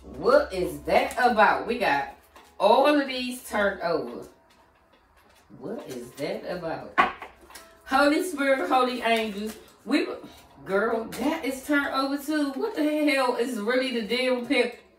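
A woman's voice: a little high, sing-song, slow pace, roomy sound, distant mic, soft background music. A woman giving a casual tarot reading in a sassy, slangy way, talking straight to the viewer as "girl". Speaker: tarot reader.

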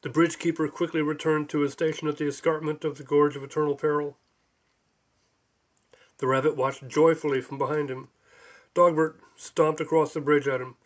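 A man narrating his own book as an audiobook, in an even, measured reading. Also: on the high side.

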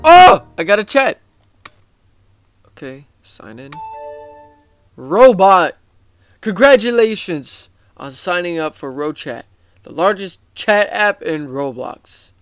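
A man with a high, smooth voice rambles through casual gameplay commentary, excitable and quick to swear. He is tired and talks at an unhurried pace. The sound is close and dry. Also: no echo. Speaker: gaming YouTuber.

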